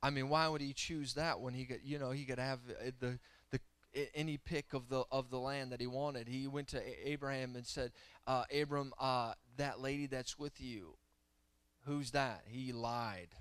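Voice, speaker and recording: A man in his thirties preaching a humorous, animated sermon that swings between loud and soft. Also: mid-range voice, normal speed, clean tone, no echo. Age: 30s.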